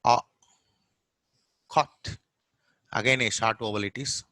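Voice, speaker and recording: A middle-aged man with a Telugu-influenced Indian English accent leads a pronunciation lesson, speaking very slowly. He repeats words one by one and draws out the vowels. The recording is dry and close. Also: mid-range voice, fairly even intonation, sharp tone, dry recording. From Telugu-speaking South India.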